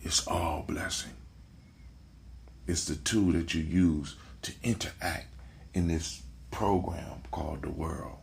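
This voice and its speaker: A man's voice: rumbling low, steady tone, unhurried, creaky, a little mellow. A man hosting a casual motivational talk, preachy, repeating his phrases and checking in with "right?". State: sleepy, yawning. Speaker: podcast host.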